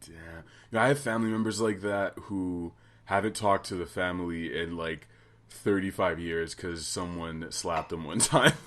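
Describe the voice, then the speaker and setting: A man's voice: low voice, fairly even intonation, moderate pace, fairly bright tone. A man hosting a casual interview, curious and jokey, who laughs easily. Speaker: podcast host. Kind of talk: casual chat.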